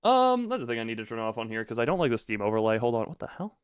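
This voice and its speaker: Animated male streamer, lively pitch. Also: clear, resonant tone, no echo, clean studio sound. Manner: animated, chatty, quick to laugh. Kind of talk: casual live-stream chat. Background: faint background music.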